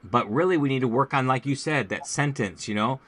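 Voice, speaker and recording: A man's voice: medium pitch, fairly quick. A man who teaches languages, chatting casually about his classroom and acting out bits of lessons as he goes. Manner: lively storyteller, acts out classroom voices.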